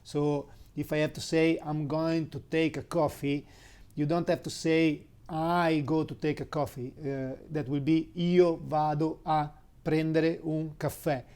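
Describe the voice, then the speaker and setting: A man with an Italian accent, a native Italian speaker giving an informal language lesson, halting with many fillers and spelling words out letter by letter. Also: a little high, level tone, a little mellow, clear, resonant tone. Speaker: Italian teacher.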